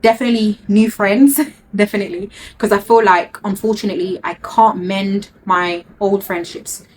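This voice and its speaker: A woman's voice: medium pitch, steady tone, moderate pace, slight background noise. A woman, telling a heartfelt personal story to her viewers in an earnest way and repeating words for emphasis. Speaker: vlogger.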